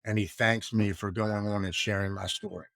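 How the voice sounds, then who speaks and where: A man's voice: on the low side, little pitch movement, moderate pace, vocal fry, a bit bright. A man in his forties, from the United States, telling his story as a podcast guest in an earnest, heartfelt and reflective way. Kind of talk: candid interview conversation.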